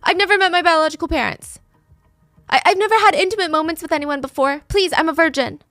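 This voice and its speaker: A frightened young student begs softly and quickly, her voice thin and high as a woman telling a true crime story acts her out. The sound is close and dry, with no room around it. She sounds like someone trying to calm a dangerous person. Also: no room sound, soft background music. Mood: pleading. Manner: pleading, breathless and high.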